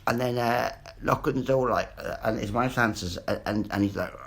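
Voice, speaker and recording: A man's voice: medium pitch, moderate pace, gravelly, fairly bright tone, breathy edge. A man, ranting in a rambling, sweary monologue and repeating himself. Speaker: vlogger.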